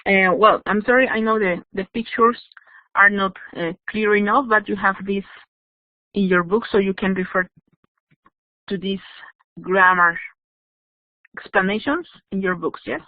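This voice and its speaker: A woman's voice: medium pitch, steady tone, dry recording. Woman teacher, patient explaining, frequent "yes?", thin phone-like sound. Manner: explains slowly, checks in with "yes?". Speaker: English teacher. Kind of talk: online grammar lesson. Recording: dry, tinny phone-like audio.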